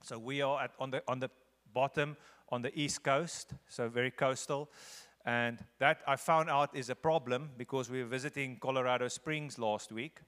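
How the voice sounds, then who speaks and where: A medium-pitched, slightly bright male voice, steady in tone and moderate in pace. The man, a visiting guest speaker from South Africa, talks earnestly and conversationally to a large church before moving into a sermon, repeating phrases for emphasis, in an echoey church hall.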